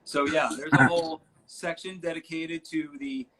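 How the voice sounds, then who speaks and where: A man telling backstage stories on a live video call, animated and playful, acting out the people in his anecdotes. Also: on the high side, normal speed, a loud crowd, poor audio. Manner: animated, acts out quotes in storytelling. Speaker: guest author. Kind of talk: anecdotal storytelling on a live stream. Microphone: phone or computer mic on a live video call.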